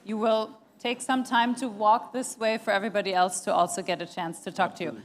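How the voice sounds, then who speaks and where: A woman's voice: medium pitch, little pitch movement, a little fast. A woman hosting a ceremony, politely giving stage directions to the guests. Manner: polite, instructive. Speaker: ceremony host. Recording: long hall reverb with crowd murmur.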